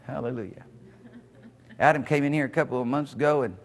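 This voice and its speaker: A man pastor preaching an animated sermon in church, often breaking into praise. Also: on the high side, rapid-fire, in a large hall. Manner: animated, exclaims "Hallelujah" often. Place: church hall.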